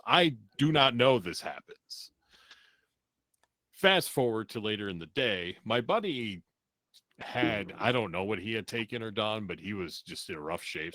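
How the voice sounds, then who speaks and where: A man's voice: fairly low pitch, sharp tone, no room sound. A man on a podcast telling a rambling, profane story in a casual way, laughing now and then.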